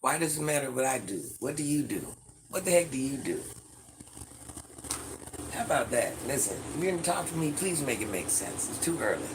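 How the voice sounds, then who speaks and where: A man's voice: mid-range voice, lively intonation, fast talker, few pauses. A man live-streaming and reading viewer comments in casual chat, sassy, calling viewers baby and repeating himself, a little stuffy from allergies. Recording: loud background noise, air conditioner hum.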